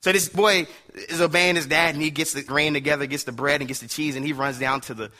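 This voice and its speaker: Brief: animated male preacher, casual storyteller, bright and forceful tone. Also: fairly high pitch, quick pace. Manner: animated, laughing, slangy storyteller.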